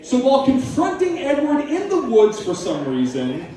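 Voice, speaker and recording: A man's voice: very high voice, huge pitch swings, normal speed, mellow. A male stand-up comedian on stage at a live comedy venue, manic, profane and sardonic. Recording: echoey live room, from a distance.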